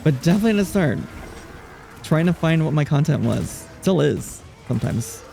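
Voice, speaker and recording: A man streaming live who chats casually with his viewers in a soothing, relaxing, soft-spoken voice with gentle pauses. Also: on the high side, lively intonation, creaky, faint music behind. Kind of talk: casual chat, answering viewers while gaming.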